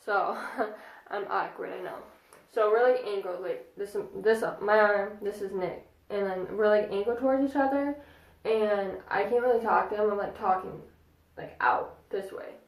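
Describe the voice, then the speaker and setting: A young woman in her twenties telling a casual storytime vlog, chatty and excitable with lots of fillers. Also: medium pitch, unhurried. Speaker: vlogger. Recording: echoey room.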